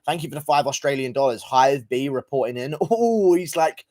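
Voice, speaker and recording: A man's voice: medium pitch, lively intonation, normal speed, a little mellow. A young man livestreaming, reading out donations in crude, profane, mocking banter. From England. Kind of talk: casual live-stream chat.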